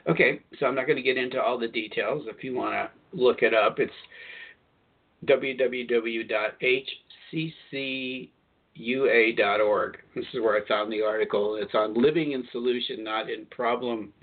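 A man with a mid-range voice hosts a spiritual talk radio show, chatting loosely and circling back to fix his own words. The sound is thin and tinny, like a phone line. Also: mid-range voice. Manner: rambling, self-correcting and chatty.

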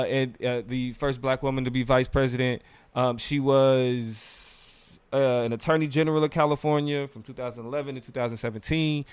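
A man's voice: medium pitch, clear, resonant tone, dry recording. A man co-hosting a live talk show, talking loosely and animatedly with many fillers. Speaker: podcast co-host. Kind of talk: casual live-show discussion.

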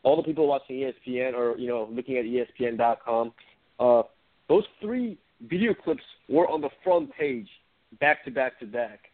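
A man co-hosting a casual combat sports podcast, animated and laughing often. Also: medium pitch, moderate pace. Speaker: co-host. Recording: phone-like narrow sound.

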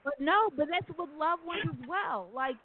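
With a high, expressive voice at normal speed, a woman hosts a call-in radio talk show and tells stories in an earnest, meandering way full of asides. Her audio sounds phone-like and dry.

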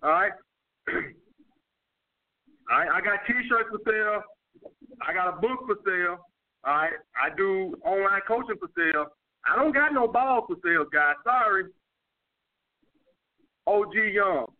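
A man's voice: sits high, animated, a little slow, pauses often. A man with a New York accent, working as a dating coach, giving blunt, profane advice in casual street slang while answering viewer questions. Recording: tinny phone-like audio.

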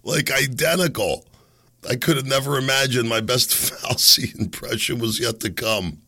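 A man hosting his own podcast while hoarse and losing his voice, talking in a rambling, hesitant, self-mocking way. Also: medium pitch, moderate pace, sharp tone. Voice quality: raspy. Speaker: podcast host. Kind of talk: casual solo commentary.

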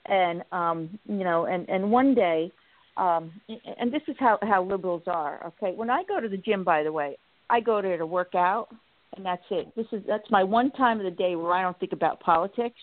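Woman, talk show host, halting with restarts, tinny phone-like sound, dry. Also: mid-range voice, no room sound. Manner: halting, many restarts and fillers; animated storytelling, acts out quotes. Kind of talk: casual political talk.

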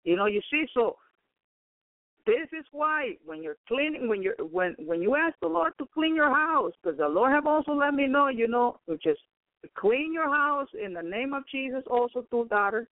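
A man's voice: very high-pitched, very animated, normal speed, no echo. A man preaching on a radio program, telling his story in a rambling way, with frequent cries of praise and calls to his brothers and sisters. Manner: rambling, peppered with praise interjections. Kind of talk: radio sermon testimony. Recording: tinny phone-like radio line.

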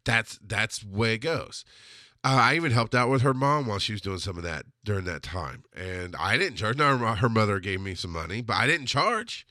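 A man hosts a podcast and tells a story straight into a close mic. His voice is bright and forceful, and the sound is dry with no room around it. He talks casually, with sudden jumps in pitch when he stresses a point. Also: moderate pace, no room sound. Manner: animated, jumps up in pitch for emphasis and quoted speech. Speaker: podcast host.

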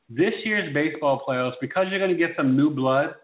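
A man co-hosting a casual sports talk show, animated and teasing as he riffs on the season. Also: fairly high pitch, moderate pace, slight background noise. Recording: phone-like tinny echoey sound.

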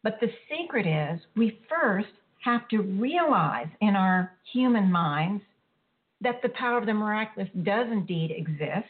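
A woman's voice: mid-range voice, expressive, a little slow. Earnest woman host on a tinny line. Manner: earnest, rambling, self-correcting with restarts. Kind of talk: spiritual talk show monologue.

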